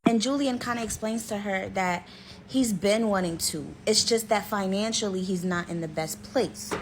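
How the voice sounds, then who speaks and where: A woman's voice: mid-range voice, normal speed, slight background noise, rough recording. A woman storyteller and author chatting informally through a story time, calling her listeners "y'all".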